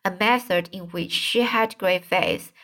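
A woman's voice: on the low side, measured pace, a bit bright. A woman reading a classic novel aloud as an amateur audiobook narrator, with occasional slips and restarts. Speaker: audiobook reader.

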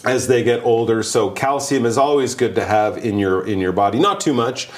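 A man's voice: medium pitch, moderate pace. A man co-hosting an English lesson, explaining vocabulary in a chatty way with joking asides. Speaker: co-host English teacher.

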